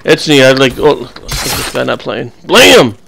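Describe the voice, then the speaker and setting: A man's voice: mid-range voice, very animated, moderate pace, gravelly, a bit bright, slight background noise. A young man giving casual, rambling commentary over his own gameplay, full of crude jokes and banter. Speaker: gaming channel host.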